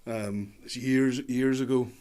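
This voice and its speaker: A man's voice: mid-range voice, fairly even intonation, a little mellow, clean tone. A man, a guest on a casual podcast chat, telling stories in a chatty way. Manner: fast, chatty storyteller.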